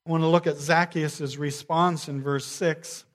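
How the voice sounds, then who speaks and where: A man preaching a sermon, measured, sinking to a quiet hush on key phrases. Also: on the high side, fairly even intonation. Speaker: pastor.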